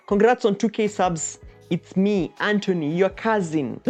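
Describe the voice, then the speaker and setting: A woman hosting a playful cooking vlog, goofy and exaggerated, with sudden loud outbursts. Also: medium pitch, sing-song, normal speed, highs cut off, soft background music. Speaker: cooking vlogger.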